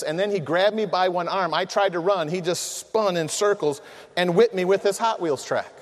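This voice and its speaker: A middle-aged man preaching a sermon to men, telling humorous family stories in an animated way and acting out the voices of the people in them. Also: high-pitched, moderate pace. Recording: long reverb of a large hall.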